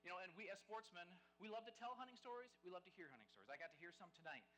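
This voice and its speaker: A man giving a live storytelling speech as guest speaker at a game dinner, animated and conversational, acting out the lines of the people in his stories. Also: high voice, racing, faint music behind, rough recording.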